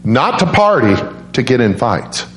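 A man preaching a sermon as a guest speaker, telling stories in an animated way and leaping into high voices for quoted people. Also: measured pace, slight background noise. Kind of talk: storytelling sermon. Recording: roomy church echo.

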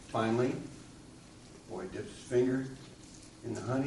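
A man preaching a sermon in a mid-pitched voice, with a storyteller's habit of putting questions to his listeners. His voice carries from a distance through a roomy, echoing hall. A faint hum of ambience sits behind him. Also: unhurried, pauses often, a little mellow. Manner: storytelling, asks the congregation questions. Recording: echoey room, distant mic.

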